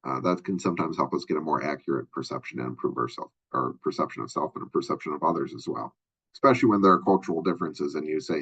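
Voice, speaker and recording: Male lecturer, very low voice, husky, conversational with lots of fillers, dull lo-fi sound. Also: fast talker, a bit bright. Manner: conversational, many fillers and asides. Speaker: college instructor. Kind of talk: recorded lecture.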